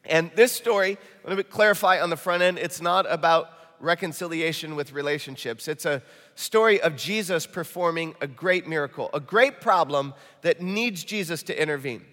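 Midwestern pastor preaching in an echoing hall. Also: male voice, fairly high pitch, normal speed. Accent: Midwestern American. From Michigan. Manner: animated, jokey storytelling preacher. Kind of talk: sermon. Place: church auditorium. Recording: reverberant church hall.

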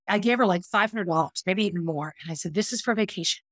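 In clean, dry studio audio without room sound, a podcast host talks quickly in a mid-range voice. She's a middle-aged woman recounting something from her own life, being frank, thoughtful and hard on herself.

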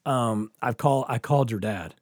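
A man's voice: medium pitch, moderate pace, dry recording, studio quality. A man telling a wild story in casual chat, swearing freely, laughing along and acting out the voices of the people he quotes. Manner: profane, animated storytelling with frequent laughter. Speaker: storyteller guest.

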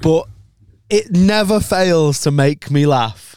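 Male podcast host, animated storyteller, crisp dry sound. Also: fairly high pitch, slow pace, dry recording. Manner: animated storytelling, swears freely, laughs often. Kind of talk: casual chat.

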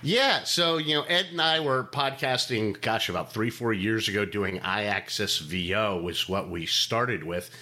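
A man's voice: lowish voice, a little slow, hardly any pauses, bright, forceful tone. A man who is a guest on a podcast, speaking frankly and wryly in casual chat.

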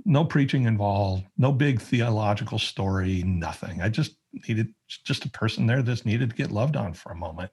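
A man's voice: lowish voice, animated, moderate pace, few pauses, darkish tone, husky. A man telling a personal story as a podcast guest, in a conversational way with many fillers and restarts. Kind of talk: casual storytelling.

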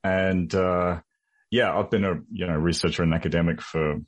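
A man with an Australian accent, a psychology professor speaking as a podcast guest in a relaxed way with many ums. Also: low-pitched, moderate pace, muffled recording. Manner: laid-back, many ums. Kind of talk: conversational interview.

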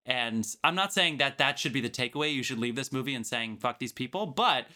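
A man's voice: medium pitch, fairly quick, sharp tone. A man co-hosting a podcast, chatting casually about a film, laughing easily and swearing. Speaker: podcast co-host.

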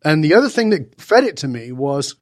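A man in his sixties from Northern England, a guest telling stories in conversation and acting out the dialogue with lively voice changes. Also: a little high, fairly quick, dry recording, clean studio sound. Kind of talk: animated storytelling in conversation.

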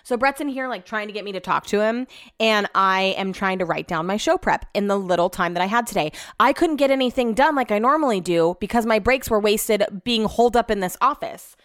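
A woman's voice: mid-range voice, expressive, fairly quick, no room sound, studio quality. A woman hosting a casual solo podcast, venting about her day and swearing freely as she rambles, recorded in her home office. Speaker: podcast host.

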